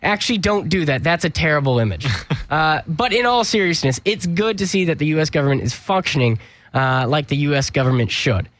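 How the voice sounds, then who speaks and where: A man's voice: a little high, animated, fairly quick, fairly bright tone, dry recording. A young man hosting a comedy news segment, sarcastic and joking, often stumbling and restarting his sentences. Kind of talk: mock news comedy monologue.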